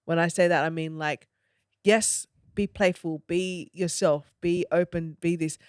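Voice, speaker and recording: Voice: mid-range voice, measured pace, clear, resonant tone, no room sound, studio quality. A podcast host reflecting on a film in casual talk, acting out quotes and often checking in with "you know?". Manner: animated, acts out quotes, asks "you know?".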